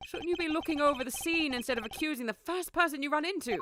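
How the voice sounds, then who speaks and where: A woman voicing a calm, formal male prosecutor with a measured, dry delivery, over game music. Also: sits high, background noise, pitched above the performer's own voice, close to an everyday voice. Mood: composed.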